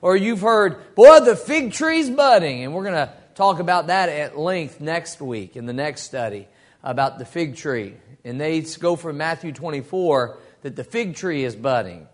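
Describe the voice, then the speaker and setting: Man, Bible study teacher, folksy storyteller, slightly high voice. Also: lively intonation, moderate pace. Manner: folksy storytelling with acted quotes.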